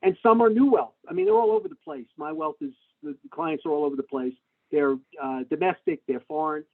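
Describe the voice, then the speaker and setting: A middle-aged man telling stories in an interview, animated and full of fillers and restarts, speaking over a video call. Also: on the high side, a little fast, vocal fry. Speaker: tax lawyer, interview guest. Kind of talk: conversational interview answers. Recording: tinny phone-like webinar audio.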